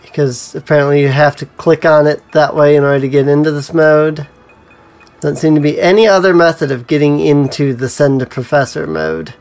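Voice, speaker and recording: A man's voice: on the high side, fairly even intonation, a little fast, darkish tone, soft background music. A man giving casual gameplay commentary as a let's play host, musing to himself with frequent ums.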